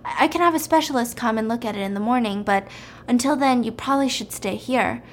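A woman doing a smooth, shady doctor. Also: on the high side, fast, a little hiss or hum, close to an everyday voice. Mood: soothing. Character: shady hospital doctor, smoothly reassuring man.

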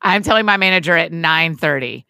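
A woman's voice: low voice, lively intonation, fairly quick, pushed and bright, clear, resonant tone, no room sound, clean studio sound. A woman hosting a podcast, chatting casually and laughing often with her co-host. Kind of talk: casual chat.

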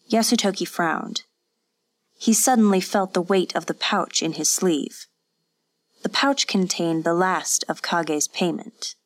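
A woman reads scripted audiobook narration in a measured, even storytelling style. Her voice is lowish and the recording is dry.

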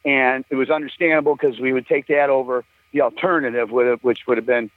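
An older musician, a guest in a casual chat, tells rambling, profane stories and laughs often. He talks fast at a medium pitch with fairly even intonation, over a tinny, dry phone line with no echo.

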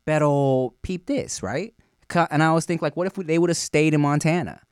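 A man's voice: a little high, a little fast, smooth, no echo, studio quality. A man from Long Beach, California, hosting a podcast with loose, playful, profanity-laced casual chat. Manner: loose, playful, swears freely. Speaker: podcast host.

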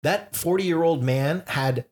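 A man's voice: on the high side, slow pace, a little mellow. A man in his forties co-hosting a podcast in casual chat. He tells stories at an easy pace and swears freely. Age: 40s. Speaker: podcast co-host.

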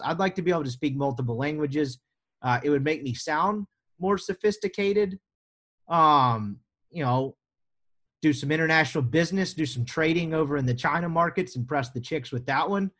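A young adult man from the United States hosts a sports podcast, joking and rambling casually with sarcastic asides. His voice sits on the high side, fairly bright and expressive, at a normal speed.

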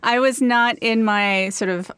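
Woman guest, slightly high, eager, loose and halting. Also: fairly even intonation, a bit bright, smooth, no echo. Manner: enthusiastic, halting, casual. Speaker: podcast guest. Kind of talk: casual chat.

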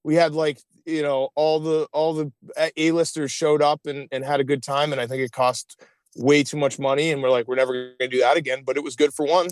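A man with a somewhat high voice who chats eagerly and emphatically, repeating points to drive them home. His voice is recorded close and dry. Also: level tone, brisk, no echo. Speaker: podcast guest. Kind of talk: casual chat.

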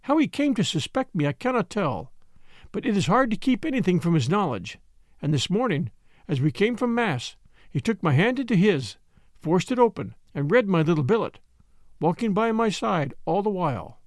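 A man's voice: high voice, big pitch swings, moderate pace, no room sound, studio quality. A man voicing a distraught young noblewoman in an audiobook, pleading and tremulous. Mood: weary. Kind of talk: audiobook character reading.

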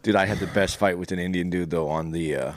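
A man telling a rambling story in casual chat, halting with many restarts. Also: sits low, steady tone, no room sound.

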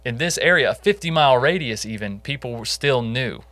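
A man's voice: mid-range voice, animated, brisk, sharp tone, dry recording. A man co-hosting a casual true crime podcast, telling the case in a conversational way with jokey asides. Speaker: podcast co-host.

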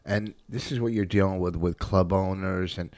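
A man's voice: low-pitched, steady tone, normal speed, darkish tone, no room sound. A man hosting a casual chat, blunt and swearing as he talks about doing comedy gigs. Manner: blunt, swears, speaks from a comic's view.

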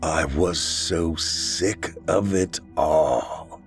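A man's voice: a bass voice, very slow, soft background music. A man narrating a first-person horror story in a dramatic way, acting out the frightened lines.

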